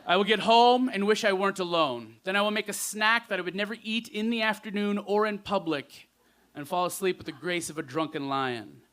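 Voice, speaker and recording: A man performing spoken word poetry live on a festival stage, with rhythmic delivery and pointed pauses, into a stage microphone. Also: high-pitched, a bit bright.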